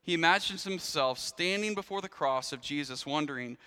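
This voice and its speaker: A man's voice: a little high, fairly quick, pushed and bright, clear, resonant tone, in a large hall. A man preaching a sermon in a church, telling a story in a conversational way with frequent restarts and asides. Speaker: pastor.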